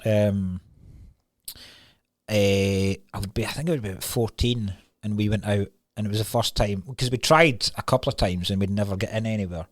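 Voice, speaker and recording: A Scottish man co-hosting a podcast, telling stories in a casual, rambling way with halting restarts. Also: fairly low pitch, fairly even intonation. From Scotland. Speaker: podcast co-host. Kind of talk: casual chat.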